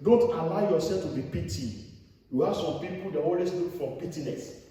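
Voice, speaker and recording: A man's voice: a little high, fairly quick, warm tone, slight background noise. A man preaching a sermon as pastor, exhorting his listeners and repeating phrases for emphasis. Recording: echoey hall from far off.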